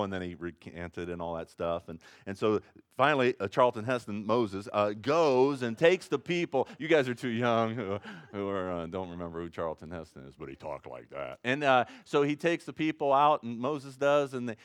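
Low-voiced pastor preaching casually. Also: male voice, clean tone, no echo, clean studio sound. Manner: conversational, rambling, rising to excited emphasis. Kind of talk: informal sermon.

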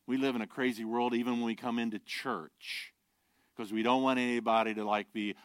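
A pastor preaching a sermon, earnest and direct, shifting from quiet, low asides to loud, emphatic declarations and rhetorical questions. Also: male voice, steady tone, a little fast, clear, resonant tone, no room sound, studio quality. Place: church.

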